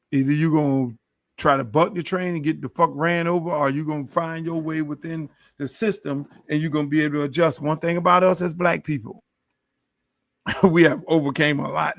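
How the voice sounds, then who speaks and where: A man's voice: on the high side, gravelly, fairly bright tone, no room sound, clean studio sound. A middle-aged man hosting his own podcast, delivering a boastful, preachy monologue full of swearing. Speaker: podcast host. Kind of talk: profane monologue.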